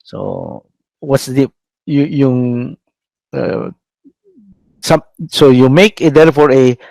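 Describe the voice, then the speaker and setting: A middle-aged man with a Filipino accent giving a classroom lecture, pausing often with fillers and checking in with "no?". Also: mid-range voice, lively intonation, vocal fry, a little mellow, no room sound, poor audio. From Philippines. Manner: halting, many fillers, checks in with "no?".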